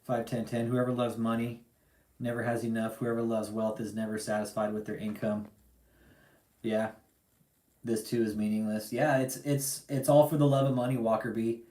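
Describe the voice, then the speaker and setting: Mid-range and flat in delivery, this man speaks at normal speed with a dark tone in a reverberant setting. On his livestream he rants heatedly, swearing in anger, repeating his points, and calling out his target directly.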